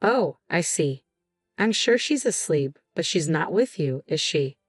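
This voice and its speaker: A woman voicing an evasive, lying adult husband in a narrated story, with a smooth and falsely cheerful manner. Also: sits low, expressive, unhurried, no echo, clean studio sound, faint music behind.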